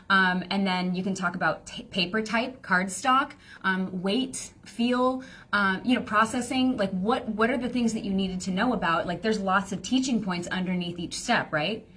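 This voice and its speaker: A woman's voice: mid-range voice, fairly bright tone, husky. A woman business coach teaching casually on a live stream, rambling and chatty with lots of fillers.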